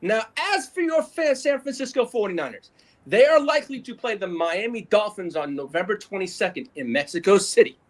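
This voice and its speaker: A man's voice: high-pitched, animated, a little fast. A man co-hosting a casual sports talk show, reading out news items in an easygoing way. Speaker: co-host.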